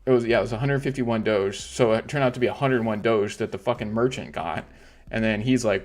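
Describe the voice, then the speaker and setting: A man's voice: mid-range voice, a little fast. A man hosting a casual livestream, ranting in frustration and swearing heavily. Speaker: crypto livestream host.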